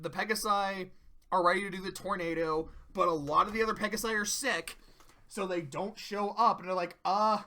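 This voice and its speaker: Here a man reviewing videos gives an easygoing episode recap, his voice high and bright. Swearing freely, he tells the story with animation and briefly mimics the characters to act out their lines.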